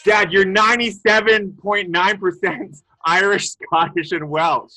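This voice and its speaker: A man's voice: high voice, fairly even intonation, unhurried, bright, forceful tone, soft background music, low-quality recording. A young man hosting a casual family chat, eagerly reading out test results to his parents. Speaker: podcast host.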